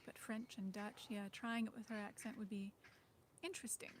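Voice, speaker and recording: A livestream host chats casually with her viewers, hesitant and rambling, full of fillers and little laughs. Her medium-pitched voice stays steady at a normal speed, with a faint hiss or hum and birdsong in the background.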